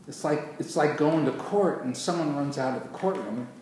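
A man preaching a sermon with emphatic delivery, swinging from quiet passages to loud bursts. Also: a little high, normal speed. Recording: echoey hall from far off with noise.

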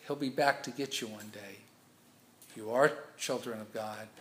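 A man voicing a brisk, bossy orphanage schoolmaster in a story. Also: lowish voice, fairly bright tone, close to an everyday voice. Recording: echoey room.

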